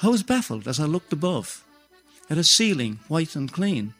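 An older man, a storyteller reciting a rhyming tale in a steady rhythm. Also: fairly high pitch, normal speed, faint music behind.

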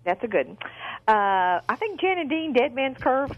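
A woman's voice: high-pitched, sing-song, normal speed, dry recording, lo-fi sound. A woman calling in to a radio show, chatting and giggling as she reminisces. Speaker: radio caller. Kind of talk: casual phone-in chat.

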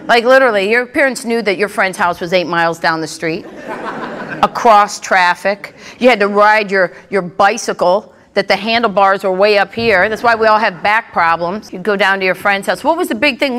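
A middle-aged woman performing a stand-up comedy set, telling brash stories with punchy asides on a live stage. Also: medium pitch. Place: comedy stage before a crowd. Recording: live club with loud audience. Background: audience laughter and crowd noise.

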